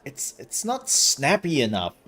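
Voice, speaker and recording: A man's voice: medium pitch, wildly swooping pitch, a little slow, sharp tone, husky. A man streaming live, giving casual commentary on game demos in a rambling, candid way with hesitant fillers.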